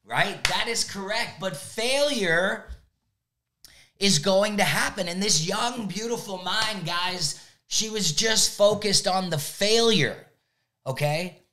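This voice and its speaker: A man who coaches youth sports, giving an energetic motivational talk and checking in with "right?" again and again. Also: high-pitched, slow pace. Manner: energetic, repeats "right?" often.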